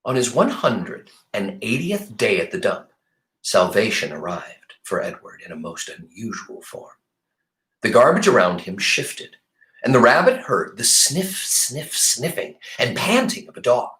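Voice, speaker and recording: A male teacher reading a novel aloud to his class in an expressive, animated way. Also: on the low side, a little slow, reverberant.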